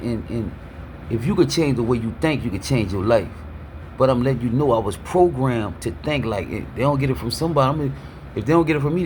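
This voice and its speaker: A man speaking delivers a preachy street talk. He keeps asking "you heard me", stutters through restarts, and uses an average-pitched voice. A faint noise sits under the recording. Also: a little mellow. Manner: repeats "you heard me" constantly, stammers on restarts. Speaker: motivational speaker.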